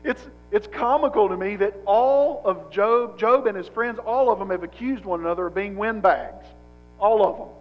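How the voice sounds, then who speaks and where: A man's voice: high voice, a little fast, highs cut off, faint music behind. A male pastor preaching a sermon in a conversational, emphatic way, often repeating a word as he restarts a thought.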